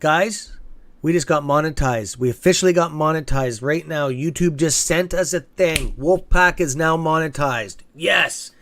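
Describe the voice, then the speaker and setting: A man's voice: fairly high pitch, a little slow, fairly bright tone. A man hosting a live stock-trading stream, chatting casually, reacting to viewer comments and swearing openly when annoyed. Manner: chatty, reacts aloud to the chat. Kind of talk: casual livestream chat reading viewer comments.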